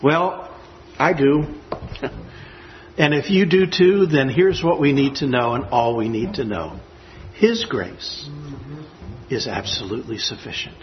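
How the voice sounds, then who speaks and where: A man's voice: mid-range voice, measured pace, pauses often, highs cut off, a little hiss or hum. A man preaching a sermon, earnest and emphatic as he reads scripture and reflects on it. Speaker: pastor.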